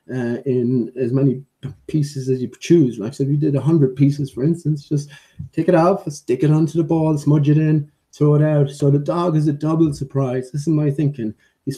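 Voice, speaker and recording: A man's voice: a little high, mellow. A man chatting casually in a vlog, rambling with many fillers and restarts and playfully scolding his dog between thoughts. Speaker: vlogger.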